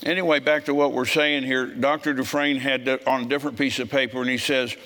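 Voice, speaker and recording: A man preaching a sermon in a church, telling folksy stories in a frisky, forceful way. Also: medium pitch, flat delivery, a little fast, big-room sound.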